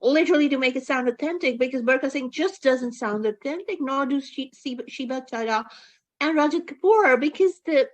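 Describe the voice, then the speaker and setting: A woman's voice: high voice, moderate pace. Emphatic woman reviewing a film. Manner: emphatic and exasperated, frequent stumbles and restarts. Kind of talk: casual film review chat.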